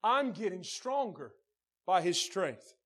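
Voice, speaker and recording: In a very animated but slow sermon, a pastor calls out to the congregation. His voice shifts from hushed, low passages to full shouting.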